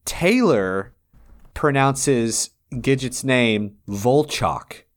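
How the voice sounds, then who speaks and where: A man co-hosting a casual podcast, joking and enthusiastic with quick asides. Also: medium pitch, animated. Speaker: podcast co-host.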